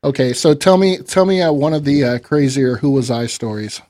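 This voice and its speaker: Host: man, mid-pitched, friendly casual questioner, dry close sound. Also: lively intonation, fairly quick, darkish tone, no room sound. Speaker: interviewer host. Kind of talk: casual interview chat.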